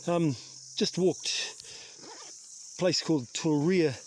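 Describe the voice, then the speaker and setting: A New Zealand man hiking a long trail vlogs to the camera in a casual, self-mocking style with some mild swearing. His slightly high voice is expressive and slow, backed by soft music. The bush-trail setting brings outdoor noise and insects into the recording.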